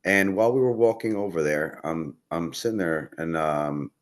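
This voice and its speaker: A man's voice: low-pitched, normal speed. A man chatting casually as a podcast guest, telling a rambling story and swearing often. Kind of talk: casual chat.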